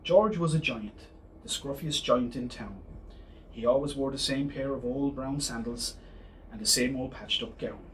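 Man reading a picture book, lively. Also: medium pitch, normal speed. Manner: lively, expressive read-aloud. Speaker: storyteller. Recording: distant mic, faint hiss.

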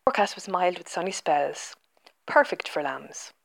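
A woman reading a children's storybook aloud in an expressive, animated way. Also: fairly low pitch, moderate pace, gravelly.

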